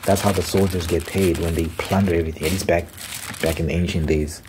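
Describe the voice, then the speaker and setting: A man's voice: low voice, fairly even intonation, quick pace, noisy background. A young man giving casual, slangy ASMR Bible commentary, often restarting his sentences. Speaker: ASMR creator.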